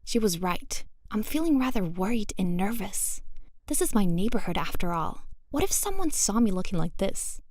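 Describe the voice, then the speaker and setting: A woman's voice: medium pitch, very animated, normal speed, a little mellow, no echo. A woman with a British accent narrating a first-person story in a wry, self-conscious tone. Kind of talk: scripted audiobook narration.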